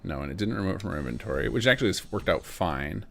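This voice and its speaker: A man who streams his game modding, casually thinking aloud in rapid bursts and making joking asides. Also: low-pitched, expressive, gravelly. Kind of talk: live commentary while modding.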